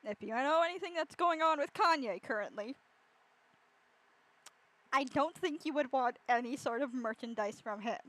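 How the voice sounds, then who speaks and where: A woman with a high voice chats over a video she is watching, tossing out irreverent jokes and casual swears. Her reaction commentary sounds loose and off the cuff. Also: normal speed, long pauses, a bit bright, rough recording. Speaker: streamer.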